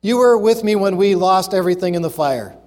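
A man's voice: high-pitched, expressive, fairly quick, a little mellow. A preacher voicing a grumpy elderly man. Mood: wistful. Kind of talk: acted quote within a sermon. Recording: long hall reverb.

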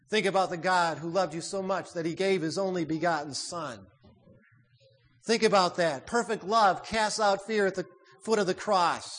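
A man preaching a sermon, swinging from loud emphatic peaks to hushed, quiet phrase endings. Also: high-pitched.

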